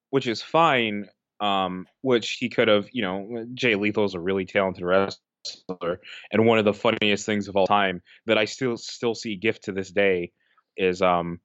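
A man with a low, smooth voice talks loosely on a podcast, wandering through his thoughts with plenty of ums and restarts. The sound is dry and a little dull, like a lo-fi home recording. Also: fairly bright tone, no echo. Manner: rambling, full of fillers and restarts. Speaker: podcast co-host. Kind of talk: casual chat.

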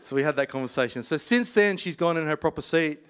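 High-voiced preacher, chatty and laughing. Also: male voice, expressive, fast, a bit bright, clean tone. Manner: chatty, laughs often, colloquial. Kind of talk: casual storytelling sermon.

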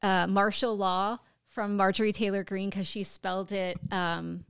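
A woman's voice: mid-range voice, level tone, unhurried, clear, resonant tone, no room sound, studio quality. A middle-aged woman co-hosting a podcast, chatty and easily amused, exclaiming often in casual talk. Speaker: podcast co-host. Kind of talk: casual chat.

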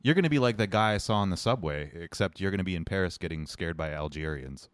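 A man with a very deep voice that still leaps up and down as he spins sardonic stories. He jokes his way through casual chat. The sound is dry and close, with no room around it. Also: quick pace, no echo. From United States. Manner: sardonic, joking, animated storytelling.

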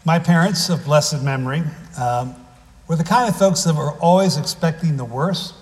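A man's voice: on the high side, long reverb tail. A man preaching a sermon, reading scripture and then telling family stories in a conversational way with wry humor. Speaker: pastor.

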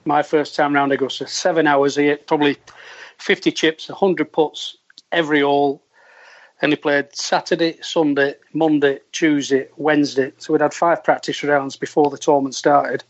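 Animated man telling a story, lo-fi. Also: a little high, normal speed. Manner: animated, earthy storyteller acting out quoted voices. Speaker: former caddie. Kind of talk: storytelling anecdote. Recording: dull lo-fi sound.

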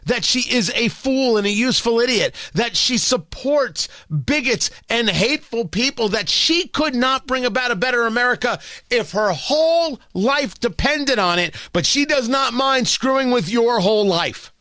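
A man's voice: extremely high pitch, expressive, normal speed, pushed and bright, no room sound. A man hosting a talk radio show, delivering an opinionated, sarcastic and combative monologue into a studio microphone.

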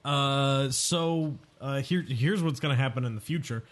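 A man's voice: medium pitch, unhurried. A man co-hosting a casual podcast chat, swearing freely and mimicking the people he talks about. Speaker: podcast co-host.

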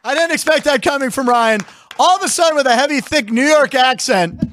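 High-voiced chatty male show host. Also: expressive, a bit bright. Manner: chatty, jokey, quick asides. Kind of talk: casual sports talk show banter.

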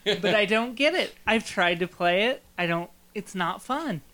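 A man's voice: sits high, animated, a little slow, bright, forceful tone. A man co-hosting a casual gaming podcast, opinionated and self-mocking, often laughing at his own remarks. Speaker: podcast co-host. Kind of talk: casual chat.

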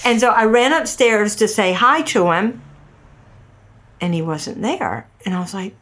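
A middle-aged woman from North Carolina with a Southern accent, casually telling a ghost story in animated fashion, acting out the dialogue. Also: medium pitch, measured pace. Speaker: guest storyteller.

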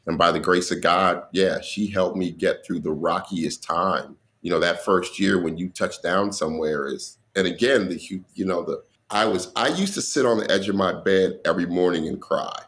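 A man with a very deep, gravelly voice, a comedian spinning lively stories in an interview. He acts out each person in the tale and laughs often. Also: normal speed, few pauses. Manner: animated storyteller who acts out dialogue and laughs. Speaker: comedian guest. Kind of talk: storytelling in an interview.

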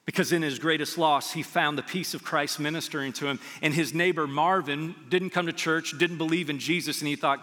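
A man's voice: a little high, fairly even intonation, a little fast, hardly any pauses, sharp tone, long reverb tail. A man preaching a sermon as pastor, telling stories earnestly and building to emphatic peaks. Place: church sanctuary.

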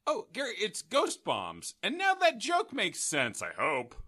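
A man trading jokes in a casual podcast chat, his voice very bright and ringing. His pitch sits a little high and jumps around a lot as he riffs and laughs. The sound is close and dry. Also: wildly swooping pitch, unhurried, no echo. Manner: playful, joking, laughs often. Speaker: podcast co-host.

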